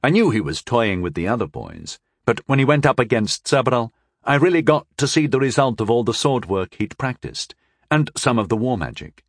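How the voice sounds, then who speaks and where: A male narrator reads a first-person fantasy tale with wry, expressive delivery. His pitch moves lively through each sentence, and the recording is dry and close with no room sound. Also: a little fast, no room sound. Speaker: audiobook narrator.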